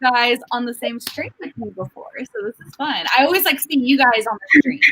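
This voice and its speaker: A woman's voice: on the high side, lively intonation, a little fast, pushed and bright, slightly rough, poor audio. A woman hosting a casual livestream chat, bubbly and giggly as she greets viewers. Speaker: livestream host.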